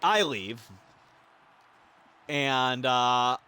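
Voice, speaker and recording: A man streaming a game and telling a rambling, profane story in a casual, animated way. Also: mid-range voice, very slow, smooth. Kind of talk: casual storytelling while gaming.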